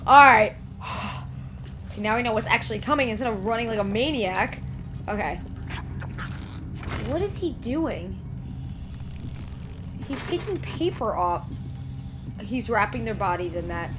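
Jumpy high-voiced woman gaming host. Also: lively intonation, unhurried, pauses often, over music. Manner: jumpy, often screaming and repeating phrases. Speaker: let's play host. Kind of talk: horror game let's play commentary.

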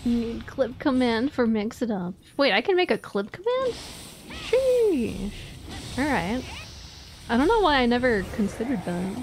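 A woman's voice: a little high, big pitch swings, normal speed, a little hiss or hum. A woman from Atlantic Canada chatting casually with her live-stream viewers, swearing and laughing often. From Maritimes, Atlantic Canada.

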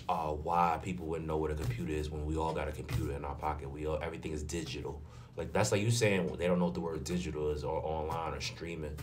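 A man from New York giving an indignant, animated commentary rant. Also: low-pitched, a little hiss or hum. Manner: indignant, rhetorical questions, animated. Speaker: commentary vlogger. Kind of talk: ranting commentary. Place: in front of a green screen.

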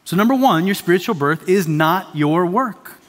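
A man's voice: sits high, animated, normal speed, in a large hall. A man preaching a sermon as pastor, emphatic and repeating his key phrases. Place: church sanctuary.

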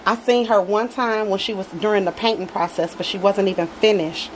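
Woman vlogger talking to viewers in her home nursery, warmly gushing; mid-range voice, faint hum behind. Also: medium pitch, steady tone, brisk, low-quality recording. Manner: gushing, affectionate, addresses viewers as y'all. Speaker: reborn doll collector vlogger. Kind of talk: casual unboxing chat.

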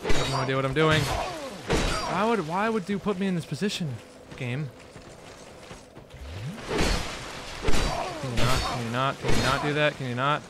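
A young man doing let's play commentary, excitable and sarcastic, trash-talking enemies and swearing. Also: fairly high pitch, a little fast. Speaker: gaming video host. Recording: noisy background.

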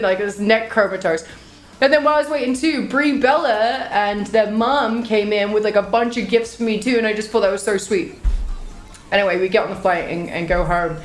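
A woman's voice: mid-range voice, a little fast, echoey room, a little hiss or hum. A woman in her thirties casually telling a story to her stream chat. She is chatty and swears freely.

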